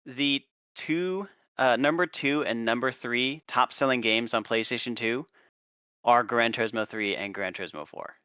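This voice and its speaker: A young man co-hosting a gaming podcast, explaining at a measured pace with hesitant pauses, on a slightly dull recording. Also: medium pitch, bright, forceful tone, smooth, no room sound. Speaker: podcast co-host. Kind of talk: casual chat.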